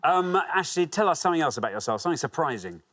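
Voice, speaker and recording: Man, quiz host, animated intonation, playful and teasing, TV studio. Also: on the high side, fast. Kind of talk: TV quiz hosting.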